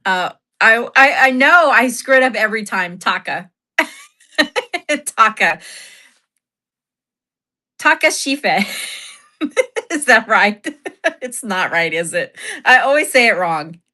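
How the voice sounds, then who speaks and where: A woman's voice: a little high, lively intonation, measured pace, bright, forceful tone. Chatty woman livestreamer, laughing often. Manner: chatty storyteller, laughs often, reads chat aloud. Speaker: livestream host. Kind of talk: casual livestream chat.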